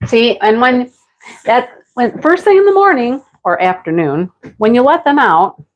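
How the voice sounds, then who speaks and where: A woman's voice: fairly high pitch, lively intonation, a little slow, poor audio. A middle-aged woman livestreaming, casually telling a story to her chat, laughing often and answering viewers by name. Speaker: livestream host.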